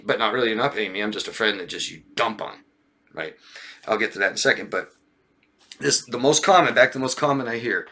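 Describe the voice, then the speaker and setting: A man coaching viewers in casual talk, animated, with frequent laughs and checks like "yeah?", mimicking friends in raised mocking voices. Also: medium pitch, quick pace. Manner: occasional swearing. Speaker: relationship coach.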